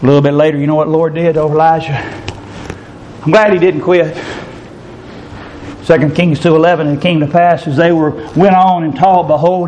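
Preacher swinging between shouts and low asides. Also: male voice, moderate pace, a little hiss or hum, rough recording. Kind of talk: sermon.

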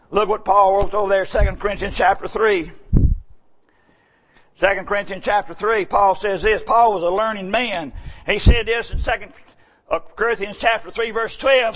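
High-voiced preacher, shouting. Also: male voice, fairly even intonation, moderate pace. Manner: folksy storytelling, bursts into shouting for emphasis. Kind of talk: sermon.

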